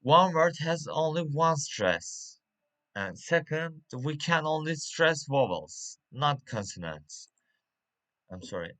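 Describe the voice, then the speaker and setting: Slow, halting man teaching word stress. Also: a little high, big pitch swings, a bit bright. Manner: halting, with many uhs and restarts. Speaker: English teacher. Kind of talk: reading a pronunciation lesson.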